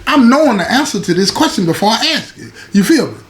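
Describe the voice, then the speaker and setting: Male storyteller, higher voice with wide swings, chatty, keeps checking in with his audience. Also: fast. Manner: animated, addresses the audience with "you feel me" and "y'all". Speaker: storyteller recounting prison life. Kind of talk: casual storytelling to viewers.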